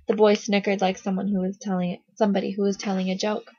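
A woman reads a children's chapter book aloud in a steady storytelling way. Her voice is husky and breathy, close-miked and dry. The recording sounds a little dull and lo-fi. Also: mid-range voice, fast talker, few pauses, no echo. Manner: steady storytelling, small slips. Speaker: reader, narrator. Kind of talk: reading a children's novel aloud.

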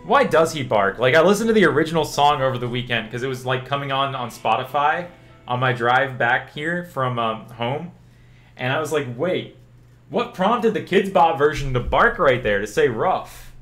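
A young Louisiana streamer chats casually with his viewers over faint background music, his medium-pitched voice moving at normal speed. Relaxed and rambling, he answers chat questions and says "like" a lot.

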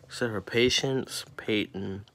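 A man's voice: lowish voice, measured pace, fairly bright tone. A teenage boy ranting about classmates in an angry, profane vlog, swearing constantly and sounding exasperated. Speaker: student venting on camera.

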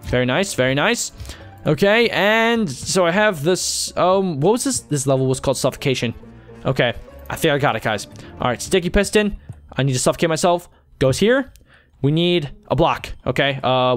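Man, gaming YouTuber type, chatty self-talk over gameplay, voice sits a bit high, soft music underneath. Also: animated, normal speed. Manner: chatty, talks to himself and viewers while playing. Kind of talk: let's-play commentary.

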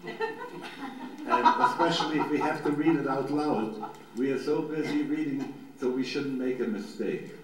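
An older man in his seventies leads a meditation lecture and reads scripture in a gentle, unhurried way, leaving long pauses. His slow delivery rings through a very echoey hall, with faint noise behind it. He speaks at a middling pitch. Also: animated. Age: 70s. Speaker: rabbi giving a lecture. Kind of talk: guided meditation teaching and slow scripture reading.

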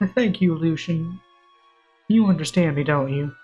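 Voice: mid-range voice, a little slow, mellow, slightly rough, muffled recording, soft background music. A game streamer voicing a dying Southern belle rebel leader in a put-on Southern drawl, reading her lines earnestly. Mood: solemn. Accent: put-on American Southern.

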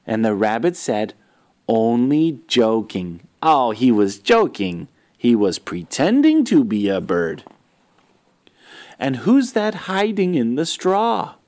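A man reads a farm picture book to young children at a very slow, careful pace. His pitch swoops high and low as he asks questions and makes the animal sounds. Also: wildly swooping pitch, darkish tone. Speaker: storyteller for children. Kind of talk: reading a picture book aloud to kids.

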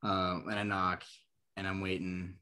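Speaking at a measured pace in a voice that sits low, this young Nebraskan man guests on a podcast and rambles through a long, casual story. He fills it with "like" and "um" and gives the characters lively quoted voices.

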